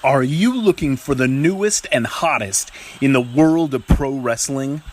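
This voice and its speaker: A man's voice: mid-range voice, unhurried. A man reading an advertisement in an upbeat, salesy way. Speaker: ad announcer. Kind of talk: read advertisement.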